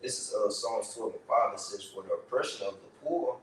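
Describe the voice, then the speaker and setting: A man reads scripture aloud with pauses and fillers. He is heard from a distance in a very echoey room, with faint background noise. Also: lowish voice. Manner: halting reading with fillers. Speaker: scripture reader in a study group.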